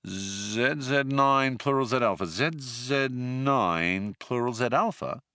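A man's voice: medium pitch, huge pitch swings, unhurried, sharp tone, dry recording, clean studio sound, full character voice. A man doing a vain, dopey space captain. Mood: offhand. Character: vain, scatterbrained male spaceship captain, playing dumb.

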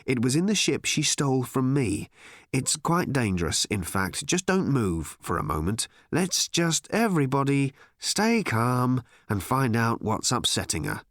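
A man voicing a cool-headed man speaking quietly and measured in a tense standoff. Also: mid-range voice, big pitch swings, no echo. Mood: calm, wary.

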